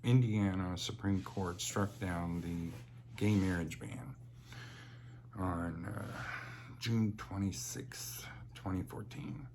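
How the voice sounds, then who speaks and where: A man's voice: low voice, steady tone, takes it slowly, a little mellow, a little hiss or hum. A young man telling personal stories in a chatty, rambling way, with many fillers and laughs. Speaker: vlogger. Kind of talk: casual personal storytelling.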